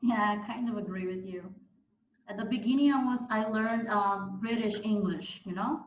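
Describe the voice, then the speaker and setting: Relaxed woman hosting, echoey room. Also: mid-range voice, moderate pace. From Brazil. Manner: relaxed, uses many fillers like 'you know'. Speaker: meeting host. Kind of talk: hosting a casual online meeting.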